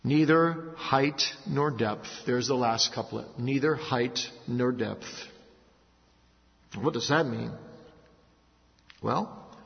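Earnest male preacher, fairly high voice, long hall reverb, muffled sound. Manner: earnest preaching, dropping low and slow for stories, rising for emphasis. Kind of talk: sermon.

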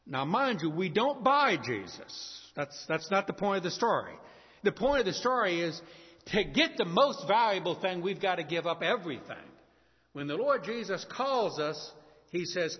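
A man's voice: fairly high pitch, very animated, fairly quick, husky. A man preaching a sermon to a congregation, telling a story and acting out its characters' voices. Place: church. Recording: lo-fi church hall with long reverb.

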